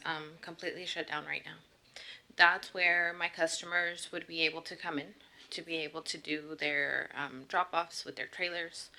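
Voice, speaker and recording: A woman speaks into a podium microphone in a city council chamber. Her voice is bright and clear, but her delivery is halting and full of ums, and it strains as she fights back tears. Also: lowish voice. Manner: earnest, halting with many ums, grows emotional. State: tearful, voice straining. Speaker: local business owner giving public comment. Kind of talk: public comment at a council meeting.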